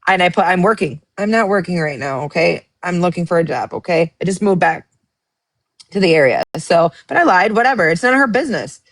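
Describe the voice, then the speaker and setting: A woman's voice: fairly low pitch, lively intonation, fairly quick, dry recording. A woman hosting a casual livestream, reading out text messages and telling her side of a dispute in a blunt, profane way. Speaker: livestream host.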